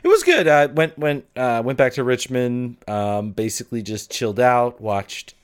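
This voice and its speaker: An excitable man co-hosts a sports podcast, chatting loosely and tripping over his own restarts. His voice sits at an ordinary middle pitch and comes through a phone on a video call. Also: normal speed, smooth. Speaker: podcast co-host. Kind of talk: casual chat.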